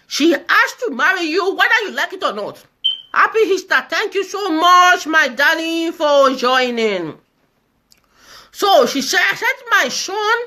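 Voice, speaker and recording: A woman's voice: extremely high pitch, pushed and bright, exaggerated voice. A woman in a comedy skit playing a fussy elderly mother who pleads and wails, with a squawky, cracked voice. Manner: pleading, repetitive, wailing complaints. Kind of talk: comedy skit, live video.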